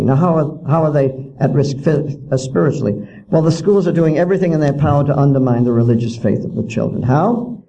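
A man's voice: medium pitch, gravelly, dark tone, muffled recording. A man giving a public lecture as an author, indignant and full of rhetorical questions.

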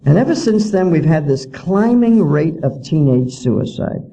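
A man's voice: fairly high pitch, very animated, unhurried, gravelly, warm tone, rough recording. A man giving a public lecture as an author, indignant and full of rhetorical questions.

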